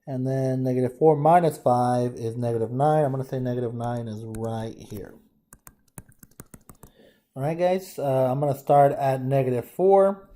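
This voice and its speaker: A man's voice: mid-range voice, moderate pace, dark tone. A man teaching a math lesson, thinking aloud casually as he works problems and addresses the class as guys. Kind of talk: informal lesson walkthrough.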